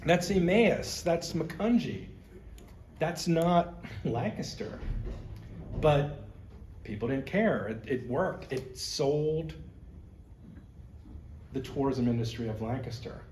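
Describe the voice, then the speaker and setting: A man gives a public history talk. His voice sits a little high and carries a roomy echo from the hall, with faint noise underneath. He sounds conversational and explanatory and adds personal asides. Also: expressive, slow pace, long pauses, a little mellow. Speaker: museum curator giving a history talk. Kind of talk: public history lecture with slides.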